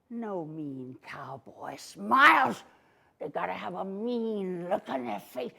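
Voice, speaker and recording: A woman's voice: medium pitch, very animated, unhurried, vocal fry, pushed and bright. A woman storyteller in a folksy cowgirl persona, telling a story to children in a library story room and having them repeat lines after her.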